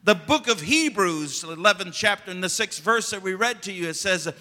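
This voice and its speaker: A man pastor preaching a fervent sermon, rising to loud emphasis and dropping to quiet asides. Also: high-pitched, animated, moderate pace, long reverb tail.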